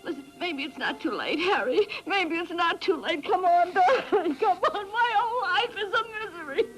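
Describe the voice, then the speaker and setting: An actress playing a drunk, lonely, bitter wife who slurs and breaks into tearful shouting. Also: female voice, very high voice, animated, normal speed, soft background music, poor audio. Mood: desperate. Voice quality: slurred, tearful, shouting outbursts.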